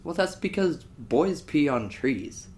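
A man's voice: a little high, animated, slow pace, darkish tone. A man co-hosting a podcast, talking casually and joking with easy laughter. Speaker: podcast co-host. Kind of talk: casual chat.

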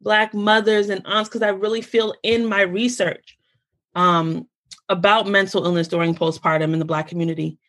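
Woman hosting a podcast, animated talker. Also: medium pitch, moderate pace. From United States. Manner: animated storytelling, quotes relatives in lively voices. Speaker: podcast host. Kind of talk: casual conversation.

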